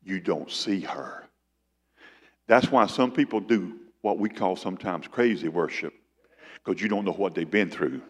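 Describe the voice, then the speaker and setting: A male pastor preaching a sermon, fervent and emphatic, building louder and then dropping to a low, quiet tone. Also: moderate pace, long reverb tail.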